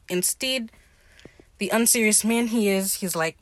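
A woman hosting a podcast, talking in a casual, slangy and profane way, opinionated and animated as she recaps. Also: medium pitch, a little fast. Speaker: podcast host recapping a TV episode. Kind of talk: casual chat.

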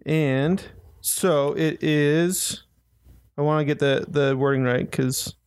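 A man hosting a casual group chat, reading out questions slowly with frequent fillers and pauses. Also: fairly high pitch, fairly even intonation, smooth, no echo. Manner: slow, halting, with frequent fillers. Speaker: podcast host reading questions.

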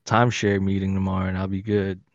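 A man's voice: sits low, level tone, quick pace, dry recording, muffled recording. A man co-hosting a podcast, teasing and playful in casual chat. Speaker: podcast co-host.

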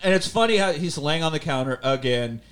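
A man's voice: fairly high pitch, lively intonation, brisk, a bit bright, smooth. A man hosting a casual movie commentary, laughing often and swearing enthusiastically. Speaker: podcast host.

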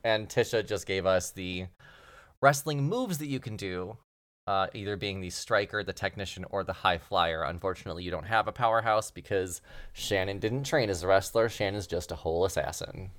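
A man with a fairly low voice narrates as game master, setting scenes and explaining the rules. His delivery is relaxed and jokey, with the easy pace of a long-running game among friends. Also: moderate pace.

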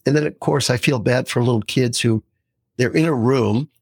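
A man in his sixties, a podcast guest, telling lively stories and acting out quotes in casual talk. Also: mid-range voice, moderate pace, slightly rough, dry recording, clean studio sound. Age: 60s. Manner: storytelling, lively, animated quotes.

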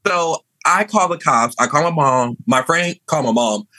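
A young man telling a story in an animated, sassy way, chatting casually. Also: a little high, moderate pace, no echo, low-quality recording. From New Orleans. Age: young adult.

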